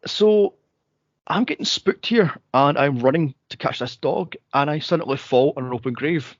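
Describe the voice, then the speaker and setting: A Scottish man, a podcast co-host, telling a spooky story in casual chat, animated and swearing freely. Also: a little high, moderate pace, dry recording, muffled recording. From Scotland.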